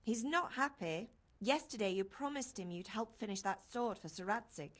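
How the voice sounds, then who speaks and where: A woman's voice: a little high, moderate pace, natural voice. An actress playing Henry's mother, a caring village woman who nags her son fondly. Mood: worried. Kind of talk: game character dialogue.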